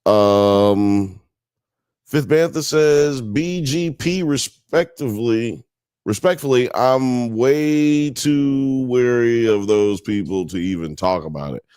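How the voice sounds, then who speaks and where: A man's voice: mid-range voice, animated, slow pace, a little mellow, clear, resonant tone, no room sound, studio quality. A man hosting a live-streamed talk show, chatting casually and profanely, joking with the audience and reading chat comments aloud.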